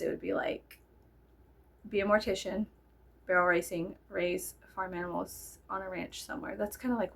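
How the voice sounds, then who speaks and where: A woman's voice: on the low side, vocal fry. A young woman from Texas, telling a story in a rambling, giggly casual chat and swearing freely. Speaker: storyteller vlogger.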